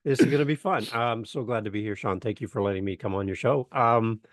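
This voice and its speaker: A man's voice: on the low side, fast talker, no room sound, studio quality. A man from Canada, a guest on a podcast, chatting casually and telling stories with jokes. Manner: joking, animated storyteller. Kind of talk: casual interview chat.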